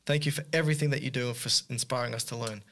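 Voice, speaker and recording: A man co-hosting a casual podcast, teasing his co-host and reading listener emails aloud with quick asides. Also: medium pitch, fairly even intonation, fairly bright tone.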